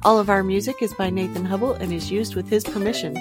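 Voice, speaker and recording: A woman's voice: mid-range voice, fast talker, loud music behind the voice. A woman as podcast host giving friendly announcements. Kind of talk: podcast outro.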